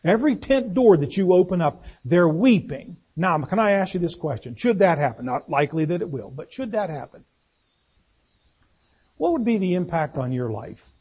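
A man's voice: high-pitched, sing-song, moderate pace, darkish tone, slightly rough. A man preaching a sermon in a folksy, conversational way, putting questions to his congregation.

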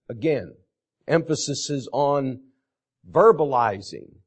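Slow, deliberate preacher, man. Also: a little high, lively intonation. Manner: slow and deliberate, repeating scripture phrases for emphasis. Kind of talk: sermon.

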